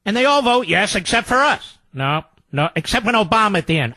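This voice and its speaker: An older man hosting a radio talk show, delivering a sarcastic political monologue with mocking, theatrical swings between loud jabs and low mutters. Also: big pitch swings, a little fast, dry recording.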